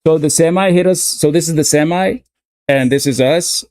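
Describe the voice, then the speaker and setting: A man's voice: fairly high pitch, normal speed, a little mellow, slight background noise. A man in his thirties telling a long story in a loose, casual way, full of fillers and swearing. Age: 30s. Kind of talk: casual storytelling while gaming.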